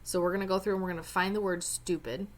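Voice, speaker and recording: A woman's voice: on the low side, steady tone, fast. A woman teacher explaining a Spanish reading step by step, with chatty joking asides. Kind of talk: recorded lesson walkthrough.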